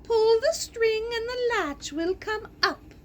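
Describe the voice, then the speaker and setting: A woman voicing a kindly old grandmother who is a little deaf and speaks slowly and gently. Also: extremely high pitch, slight background noise, pitched above the performer's own voice. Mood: welcoming.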